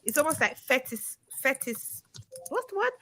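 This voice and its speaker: A woman's voice: high voice, very animated, moderate pace, a crowd in the background. A woman from Nigeria speaking as a guest in a casual panel chat, blunt and disapproving.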